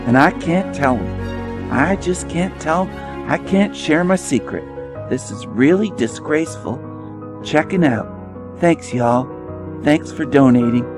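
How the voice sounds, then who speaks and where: A man's voice: fairly high pitch, expressive, measured pace, music in the background, voice pushed up. A man doing a smug southern YouTuber. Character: boastful southern male YouTuber.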